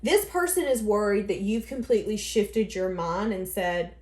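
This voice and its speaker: A woman's voice: medium pitch, moderate pace, darkish tone. A woman giving a casual tarot reading, rambling and thinking aloud as she goes. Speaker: tarot reader. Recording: echoey room.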